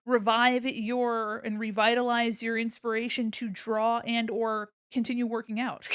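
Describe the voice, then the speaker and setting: An illustrator streaming her drawing session chats casually, giggling and bubbly, gushing as she greets people and rambling with many fillers. She speaks unhurriedly in a slightly high, level, fairly bright and clean voice. The recording is dry and studio-clean.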